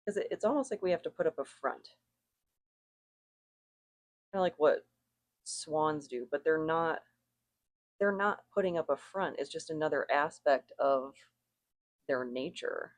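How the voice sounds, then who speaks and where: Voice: medium pitch, a little slow, long pauses, no room sound. A tarot and rune reader chatting casually to viewers, thinking aloud, correcting themself and chuckling now and then. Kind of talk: casual spoken reading to viewers.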